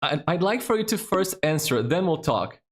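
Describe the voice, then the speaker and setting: A man's voice: fairly high pitch, very animated, normal speed. Chatty male streamer hosting trivia. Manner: chatty, swears freely, thinks aloud. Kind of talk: casual live-stream chat.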